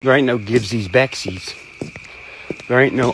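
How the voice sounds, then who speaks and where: Southern man, mid-pitched, blunt folksy monologue, steady noise behind. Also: a little slow, pauses often, rough recording. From American South. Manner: blunt, folksy, plain-spoken. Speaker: host. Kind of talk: casual monologue.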